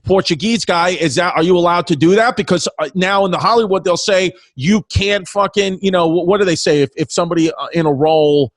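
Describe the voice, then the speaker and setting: A man's voice: high voice, fairly quick, few pauses, dry recording. A man with a New York accent, co-hosting a casual podcast and stumbling through repeated restarts when he asks questions. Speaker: podcast co-host.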